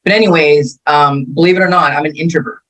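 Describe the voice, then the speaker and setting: A woman's voice: deep voice, fairly even intonation, fast, fairly bright tone, low-quality recording. A woman in her fifties from California, a martial arts instructor telling her life story in a casual interview, acting out the quotes as she goes. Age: 50s.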